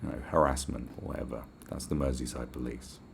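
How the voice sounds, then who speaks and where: A man hosting a solo podcast, ranting in a sarcastic, sweary, animated way. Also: very deep voice, a little fast, vocal fry, very noisy. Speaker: podcast host.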